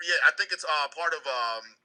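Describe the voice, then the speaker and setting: A man's voice: on the high side, moderate pace, low-quality recording. A young man with a light Nigerian accent, talking in a casual podcast chat and telling stories with lots of restarts and fillers. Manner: animated storytelling with many restarts and fillers. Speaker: podcast co-host.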